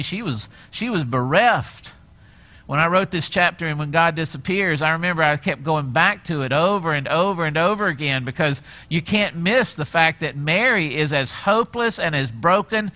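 Bright-voiced man preaching a sermon. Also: a little high, moderate pace. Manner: animated storytelling, acts out quoted voices. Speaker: pastor.

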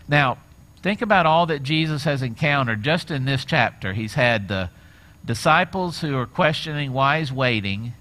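A middle-aged male pastor preaching a sermon, retelling scenes with lively acted-out quotes. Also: medium pitch. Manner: animated storytelling, acts out quoted voices.

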